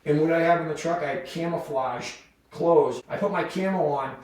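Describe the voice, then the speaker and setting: Male podcast guest, animated storyteller, voice a little high, off-mic in a very echoey room. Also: normal speed, far from the mic. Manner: animated, full of "like" fillers and voiced quotes. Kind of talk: casual storytelling.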